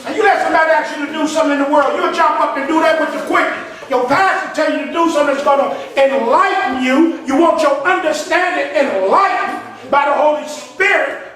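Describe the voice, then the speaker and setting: A male pastor preaching a sermon, shouting and laughing as he calls on his congregation. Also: extremely high pitch. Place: church hall. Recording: echoey hall from far off, crowd.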